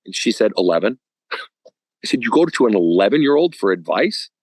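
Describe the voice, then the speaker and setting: A man's voice: on the low side, brisk, slightly rough, no room sound, poor audio. Blunt, profane male counselor. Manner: blunt and profane, animated storytelling. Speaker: guest counselor. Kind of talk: casual podcast conversation.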